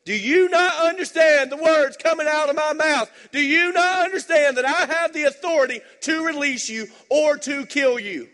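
Man putting on a desperate, pleading Roman governor, high and loud, booming hall. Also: expressive, normal speed, exaggerated voice. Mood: domineering. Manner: pleading, rising and insistent. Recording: long hall reverb.

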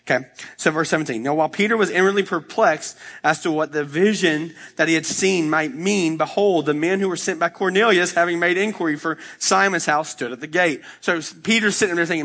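Bright-voiced casual male pastor. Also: fairly high pitch, quick pace. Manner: casual, conversational, with restarts and acted-out quotes. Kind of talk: sermon, reading and explaining scripture.

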